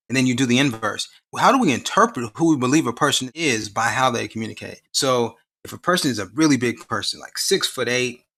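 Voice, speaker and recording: A man's voice: medium pitch, sharp tone. A man being interviewed as an education researcher, explaining ideas at length and posing rhetorical questions with emphasis. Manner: expansive, emphatic, often asks rhetorical questions. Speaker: guest researcher in science education.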